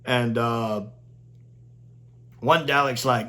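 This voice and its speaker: A man's voice: a little high, very animated, normal speed, pushed and bright. A man giving a casual spoken video review, gleeful and chatty, laughing often and filling his talk with "like".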